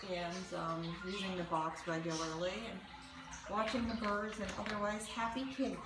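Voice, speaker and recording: A woman who runs a cat boarding business, giving owners casual updates and baby-talking to the cats in a cooing sing-song with soft whispers, filmed on a phone. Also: medium pitch, fairly even intonation, normal speed, distant mic, noisy background. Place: indoor cat boarding room. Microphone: handheld phone camera. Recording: echoey room, phone mic held off.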